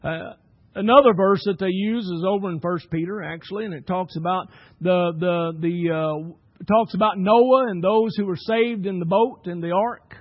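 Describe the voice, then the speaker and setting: A man delivering a sermon in a high, ringing voice. He leans hard into key words, then drops to quiet asides. The sound is dry and a little dull. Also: moderate pace, dry recording. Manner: swings between loud emphatic bursts and soft asides. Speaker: pastor.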